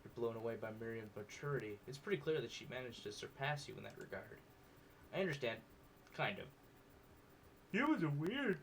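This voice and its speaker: A man reading a dating sim's narration aloud with animated, joking reactions. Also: mid-range voice, fast, vocal fry, slight background noise. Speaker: gaming video creator.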